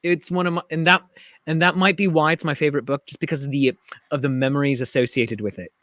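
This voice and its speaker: A man hosting a casual livestream chat, telling stories in an animated way, acting out other people's voices and gasps. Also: a little high, fast talker, no room sound. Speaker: host.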